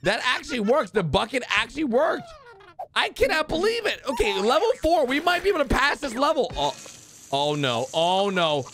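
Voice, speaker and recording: A man hosting a reaction video, giving excited running commentary while cheering on and scolding the characters he watches. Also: very high voice, normal speed. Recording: noisy recording with clicks.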